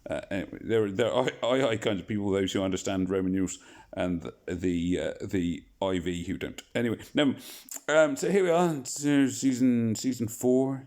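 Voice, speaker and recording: A man's voice: on the low side, moderate pace, darkish tone. A man hosting a casual gaming video, rambling and joking at his own expense. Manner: rambling, jokey, self-deprecating. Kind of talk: casual game commentary.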